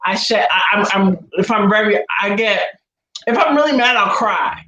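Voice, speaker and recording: A woman chatting casually as co-host of a live video stream, self-deprecating and animated when she retells what people said. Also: medium pitch, normal speed. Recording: roomy with faint background noise.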